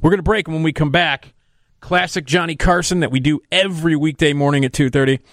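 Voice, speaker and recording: A man's voice: on the high side, fairly even intonation, a little fast, no room sound, clean studio sound. A man hosting a radio show, chatting casually and announcing upcoming segments. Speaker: radio host. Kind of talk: radio show host talk. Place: radio studio.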